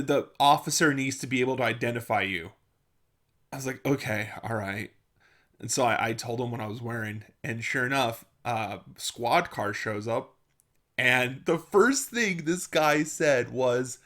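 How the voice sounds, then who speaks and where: A young man tells a story from his school days in a relaxed, rambling way. His voice sits at a middle pitch, and he often breaks into laughter and stumbles over his words as he acts out the people in the story. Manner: laughs often, halting restarts, animated quoted dialogue. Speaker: channel host. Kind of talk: casual storytelling.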